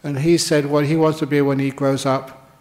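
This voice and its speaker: A man giving a Buddhist dharma talk in a slow, reflective storytelling manner. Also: on the high side, little pitch movement, a little mellow.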